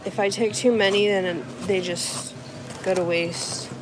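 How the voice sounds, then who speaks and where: A woman's voice: mid-range voice, fairly even intonation, measured pace, music in the background, poor audio. A woman vlogging casually as she runs errands between rideshare shifts, talking to herself and to viewers as she goes. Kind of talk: casual vlog narration while running errands.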